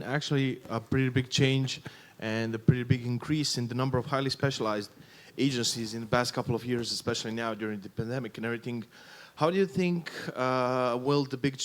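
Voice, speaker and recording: A man in the audience asks a long question, stopping often on fillers. His voice sits slightly low in pitch. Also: a little fast, few pauses. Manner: hesitant, with fillers. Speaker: audience member. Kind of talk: asking a question.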